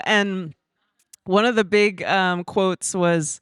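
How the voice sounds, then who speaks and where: A woman giving conversational panel remarks at a conference, telling stories in a chatty, animated way with lots of fillers. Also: medium pitch, very slow, smooth, no room sound, studio quality.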